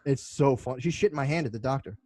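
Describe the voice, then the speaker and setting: A man talks quickly through loose, swearing-laced stories as a podcast co-host. His delivery runs on with quick restarts in casual banter. The sound is dry and close, with no room around it. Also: mid-range voice, dark tone, no room sound. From United States. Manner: rambling, profane storytelling. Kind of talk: casual chat.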